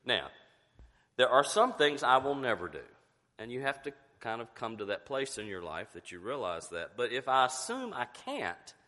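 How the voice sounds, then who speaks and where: Middle-aged male pastor, low animated delivery, emphatic rhetorical questions, coughing, church hall reverb. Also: moderate pace. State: coughing, fighting to get words out. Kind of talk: sermon.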